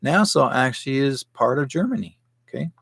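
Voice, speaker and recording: Man, 60s, show host; rambling, conspiratorial delivery with rhetorical questions; mid pitch, dry. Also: animated, brisk, creaky, fairly bright tone, husky, no echo. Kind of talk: live commentary show.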